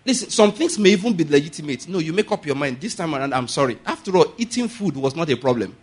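A man pastor preaching a sermon, swinging between quiet asides and sudden loud, high emphasis. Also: big pitch swings, fast, slightly rough. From Nigeria.

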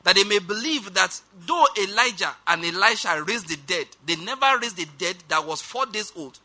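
Male preacher, high and very bright voice, emphatic sermon delivery, drawn-out scripture reading, quick asides to the congregation. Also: expressive. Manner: emphatic, slows down for quoted scripture; rushed asides, calls on congregation to repeat.

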